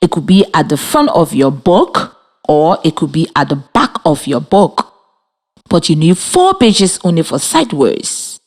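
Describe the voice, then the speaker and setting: A woman from Liberia teaching a children's reading lesson over radio, speaking slowly and clearly with encouragement. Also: deep voice, very animated, darkish tone. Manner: slow, clear, encouraging, spells and claps out words. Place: radio studio with students.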